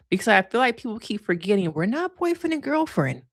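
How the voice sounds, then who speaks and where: A woman's voice: mid-range voice, sing-song, moderate pace, no room sound, clean studio sound. A woman therapist giving casual, frank livestream commentary with plenty of slang and laughter. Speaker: therapist reviewing reality TV.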